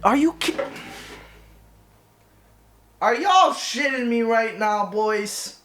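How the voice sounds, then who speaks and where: A man's voice: extremely high pitch, expressive, slow pace, a bit bright, slight background noise. A man in his twenties streaming, dramatic and whiny, with an exaggerated mopey manner. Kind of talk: live stream reaction.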